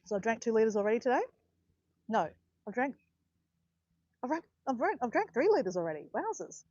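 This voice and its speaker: A woman's voice: a little high, sing-song, normal speed, darkish tone, no room sound, highs cut off. Chatty woman vlogging on a walk. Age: around 50. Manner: chatty and rambling, correcting herself as she goes. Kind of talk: casual walking vlog chat. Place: outdoors in botanical gardens, walking.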